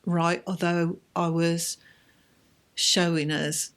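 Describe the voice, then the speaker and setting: Lowish woman, halting and emotional, interview guest. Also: level tone. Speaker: bereaved mother, interview guest. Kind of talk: personal account in an interview.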